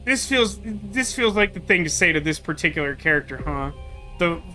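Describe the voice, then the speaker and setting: A man's voice: high-pitched, expressive, normal speed, bright, forceful tone. A man commenting on a video game in a wry, rambling way with lots of fillers. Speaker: gaming streamer. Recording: game music playing faintly behind.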